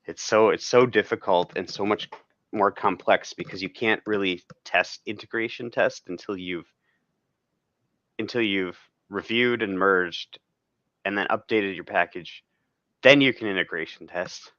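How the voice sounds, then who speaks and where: A man's voice: deep voice, unhurried, a bit bright, no echo. A man talking casually as a podcast guest, rambling and laughing often. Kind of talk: casual chat. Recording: dull, dry lo-fi sound.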